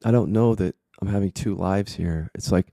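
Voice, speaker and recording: Gravelly low-voiced man teacher. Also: normal speed, warm tone, no echo, clean studio sound. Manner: candid and profane, reflective. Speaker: spiritual teacher. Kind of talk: personal storytelling monologue.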